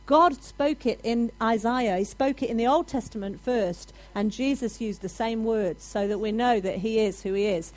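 A woman preaching a sermon to a congregation, animated and building to loud, emphatic declarations. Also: a little high, moderate pace, few pauses, low-quality recording.

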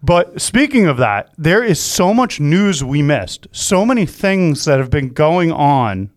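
Male podcast host, fairly high pitch, rambling jokey chat, dry close sound. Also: very animated, takes it slowly, no room sound. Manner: rambling, self-mocking, jokey. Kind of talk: casual chat.

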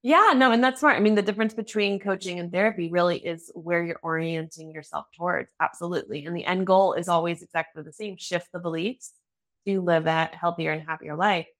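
A woman's voice: fairly low pitch, brisk, a bit bright. A woman in her thirties hosting a podcast interview, chatty and candid, laughing often and acting out her own inner thoughts. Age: 30s. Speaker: podcast host. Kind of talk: casual interview chat.

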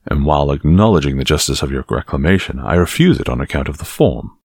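A man voicing a polished young musketeer who speaks with measured, cold courtesy. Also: extremely low pitch, animated, creaky, a little mellow, slightly rough, dry recording, studio quality, exaggerated voice. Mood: cool.

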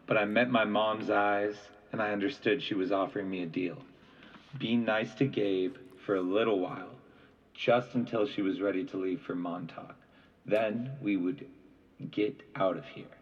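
Low-voiced man reading a novel. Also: moderate pace, breathy edge, distant mic, highs cut off. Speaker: audiobook reader. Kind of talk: first-person novel narration.

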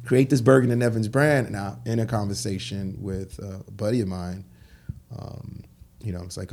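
A man with a low, mellow voice and a husky edge recounts his business history in a relaxed, conversational way. He slips into other voices when he quotes people. He is a guest in an interview. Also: normal speed. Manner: animated, acts out quoted dialogue. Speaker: guest, clothing store founder. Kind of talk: casual interview storytelling.

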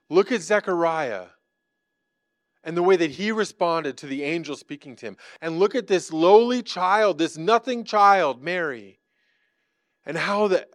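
Casual preaching man, higher voice. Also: no room sound, studio quality. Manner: casual, conversational preaching with many fillers; acts out quoted lines from scripture. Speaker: pastor. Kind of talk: sermon.

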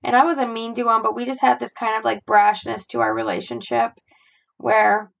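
A young adult woman hosting a podcast, talking through her feelings in a halting, searching way, with frequent sighs and fillers. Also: on the high side, little pitch movement, creaky, dull audio. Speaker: podcast host. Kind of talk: personal reflective monologue.

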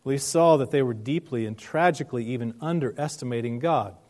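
A man's voice: mid-range voice, darkish tone. Earnest man preaching a sermon. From United States. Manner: earnest, slows down for emphasis. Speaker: pastor.

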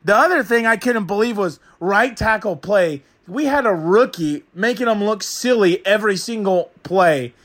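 A man's voice: high-pitched, lively intonation, moderate pace, few pauses, fairly bright tone. A man voicing a fired-up young male football fan who rants crudely in a comic character monologue. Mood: fuming. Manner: ranting, exasperated, crude.

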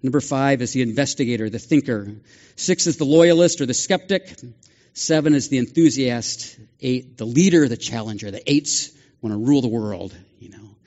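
A man's voice: medium pitch, moderate pace, a little mellow, dull audio. An older male pastor giving a sermon in a conversational way, with asides and self-deprecating jokes. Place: church sanctuary.

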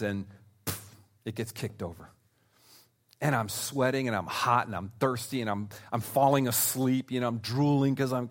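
A man preaching a sermon, talking straight to his listeners and swinging from loud emphasis to hushed asides. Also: a little high. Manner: conversational, speaks directly to listeners. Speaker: pastor.

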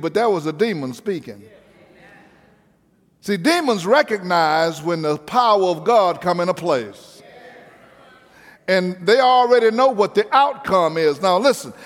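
A man's voice: high voice, lively intonation, moderate pace, long reverb tail. A male pastor preaching a sermon with an emphatic, repetitive cadence.

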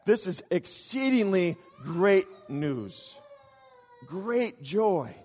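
A man preaching a sermon as a pastor, swinging from loud emphasis to quiet, low asides. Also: sing-song, drawn-out words, breathy edge, in a large hall.

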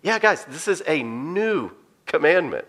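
Bright-voiced man preaching casually. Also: on the high side, sing-song, a little slow. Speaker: pastor. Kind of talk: sermon.

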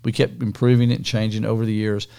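An older man with a gravelly edge co-hosts a casual podcast. His talk is folksy and teasing. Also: fairly low pitch, little pitch movement, fast, dark tone. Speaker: podcast co-host.

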